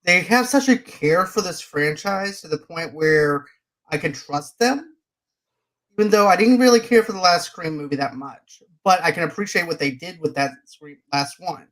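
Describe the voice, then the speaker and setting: A man hosting a movie podcast, chatting casually and emphatically with drawn-out asides. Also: fairly high pitch, fairly bright tone. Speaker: podcast host.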